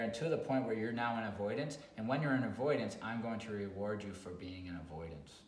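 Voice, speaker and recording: A man working as a dog trainer, talking bluntly in a casual video chat and sometimes swearing, loudly acting out dog owners. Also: lowish voice, brisk, few pauses. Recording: echoey room with faint noise.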